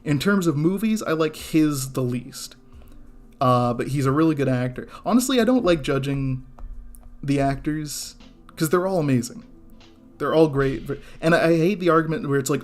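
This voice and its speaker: A man's voice: fairly high pitch, moderate pace, faint music behind. A man ranting casually on a live drawing stream, getting heated, swearing and stumbling over restarts before apologizing. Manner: heated, swearing, many restarts and self-corrections. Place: home studio with background music.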